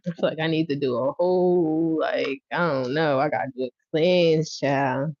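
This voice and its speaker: A woman with a lowish voice runs a casual livestream tarot reading. She talks bluntly and swears freely, often breaking into loud laughter and acting out little scenes. The sound is dull and dry, with a lo-fi edge. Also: normal speed, no echo. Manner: blunt, profane, laughs loudly and acts out scenes. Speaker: tarot reader.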